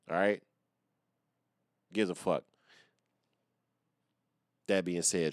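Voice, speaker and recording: Deep-voiced rambling young man podcaster. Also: no room sound, studio quality. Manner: rambling, profane and self-mocking. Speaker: podcast host. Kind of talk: casual solo podcast monologue.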